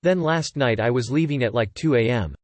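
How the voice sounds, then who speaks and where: A man narrating online forum posts aloud in a steady, scripted reading style. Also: medium pitch, fairly quick, no echo.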